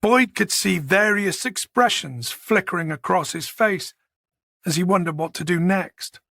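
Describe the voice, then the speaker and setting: A man narrating a thriller audiobook in a steady, measured way. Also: high voice, creaky, dry recording, studio quality. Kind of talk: scripted narration.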